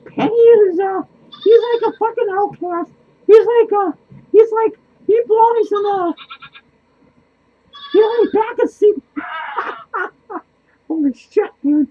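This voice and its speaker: Squeaky high clown guy, swears nonstop, rambly and unhinged, dull lo-fi sound. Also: slow pace, pauses often, slight background noise. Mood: manic. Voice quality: squeaky, swears constantly, laughs wildly. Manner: excitable, rambling, loses his train of thought. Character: foul-mouthed lonely male clown, manic and rambling. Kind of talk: comedic character monologue. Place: small cluttered home studio indoors.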